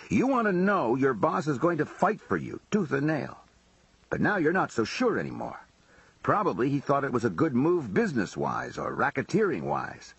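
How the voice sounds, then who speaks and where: A man reading as a husky, blunt mob underboss. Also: medium pitch, no room sound, lo-fi sound, full character voice. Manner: blunt, profane, conversational. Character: blunt, streetwise male mob underboss telling his story.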